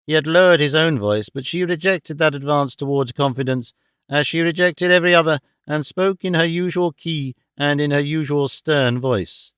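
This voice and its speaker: A man narrating a classic novel as an audiobook in an even, steady storytelling manner. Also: a little high, normal speed, clear, resonant tone, dry recording, clean studio sound.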